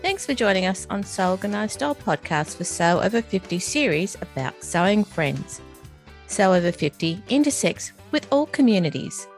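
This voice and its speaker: A woman's voice: medium pitch, big pitch swings, moderate pace, faint music behind. A woman, hosting a podcast and introducing her guests in a friendly manner. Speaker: podcast host.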